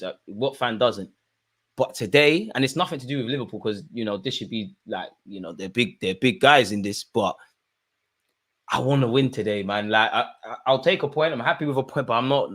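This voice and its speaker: A young man chatting on a live football stream, reading out super chats in a rambling, slangy way. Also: on the high side. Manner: animated, slangy, rambling with fillers. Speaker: football watch-along streamer.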